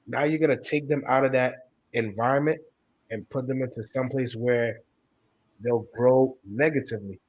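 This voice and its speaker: A man talks through his view in a casual discussion, measured and reflective, leaning in for emphasis. His voice is mid-pitched for a man. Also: fairly even intonation.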